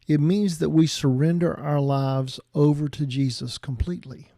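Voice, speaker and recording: A man's voice: on the high side, fairly even intonation, moderate pace, mellow, no room sound, studio quality. A man preaching a reflective sermon, thinking aloud with frequent restarts. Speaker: pastor.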